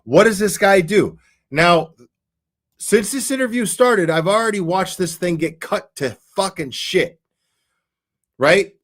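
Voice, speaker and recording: A man's voice: high-pitched, lively intonation, unhurried, long pauses. Profane rambling male stream host. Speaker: host reacting to an interview clip. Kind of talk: live stream commentary.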